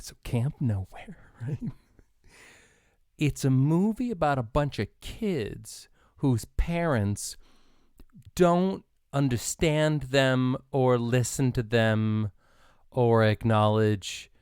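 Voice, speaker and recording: An American man chats with his co-host in a loose, joking way, filling his stories with ums and uhs. His voice sits at an ordinary pitch. The sound is dry and close, with no room around it. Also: slow pace, clear, resonant tone, no echo. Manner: joking, animated storyteller with many fillers. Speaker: podcast co-host. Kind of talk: casual chat.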